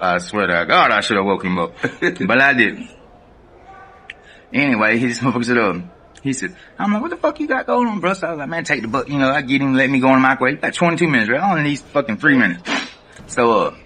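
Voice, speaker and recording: A man with a Southern American accent, casually telling a profane, animated prison story straight to the camera and laughing often. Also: medium pitch, slight background noise.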